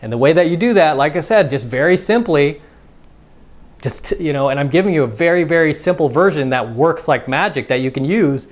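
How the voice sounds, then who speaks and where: A man's voice: fairly high pitch, expressive, a little fast. A man giving a casual, conversational dating lesson as a coach, acting out both sides of example conversations. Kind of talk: instructional monologue.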